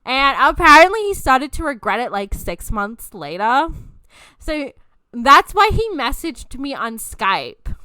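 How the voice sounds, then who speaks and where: A woman's voice: high voice, sing-song, unhurried, bright, forceful tone, clean tone, dry recording. A woman in her twenties hosting a podcast, telling personal stories in a loose, chatty way, swearing freely and laughing often. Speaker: podcast host. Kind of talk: casual storytelling chat.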